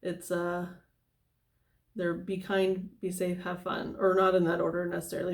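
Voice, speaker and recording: A woman's voice: on the low side, monotone, normal speed. A woman giving a casual tarot reading, talking in a loose, rambling way full of fillers and tangents. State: somewhat out of breath. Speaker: tarot reader.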